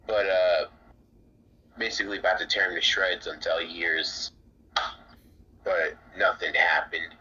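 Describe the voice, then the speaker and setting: A young man recapping a story in a rambling, halting, mumbly way. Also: sits low, pushed and bright. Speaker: co-host. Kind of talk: casual fan recap. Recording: dull lo-fi mic with faint hiss.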